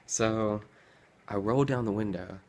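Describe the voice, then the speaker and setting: A man's voice: lowish voice, measured pace. Young man rambling through a story. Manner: rambling, animated, acts out his past self with groans and sighs. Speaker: vlogger. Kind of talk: casual storytelling.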